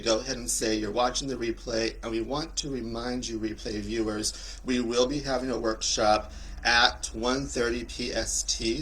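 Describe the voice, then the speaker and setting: This middle-aged man hosts a casual livestream and also works as a coach, speaking in a mid-range, fairly bright voice with slight background noise. He jokes campily and greets viewers by name, his voice swooping sharply upward.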